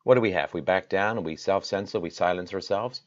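Deep-voiced impassioned man, lo-fi. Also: brisk. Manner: impassioned, rhetorical, swings from loud to quiet. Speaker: show host. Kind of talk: direct-to-camera address.

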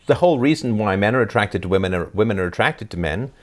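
Joking dad, lively voice. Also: male voice, fairly low pitch, fast talker, a little hiss or hum. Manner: joking, teasing, often laughing; lecturing, rambling asides. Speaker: host, father talking with his daughter. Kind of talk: casual chat, reading out comments.

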